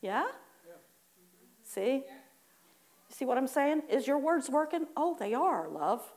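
A woman's voice: sits high, sing-song, takes it slowly, darkish tone. A woman preaching a sermon in a chatty way, acting out complaining churchgoers and laughing at her own asides.

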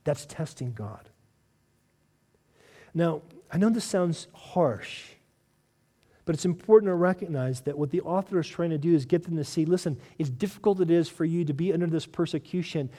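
A man preaching a sermon with a mellow, warm tone that sits a little high for a man. He talks earnestly, pushing through pointed questions before sinking low for emphasis. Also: normal speed. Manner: earnest, rising to urgent questions then dropping low. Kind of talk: expository sermon.

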